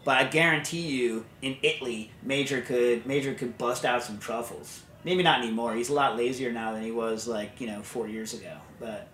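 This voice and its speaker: This podcast host speaks at a normal speed in a mid-range, fairly bright voice, with hardly any pauses and slight background noise behind him. His casual chat wanders digressively between stories, packed with fillers and restarts, and a listener's question he reads aloud gets the same relaxed, talky treatment.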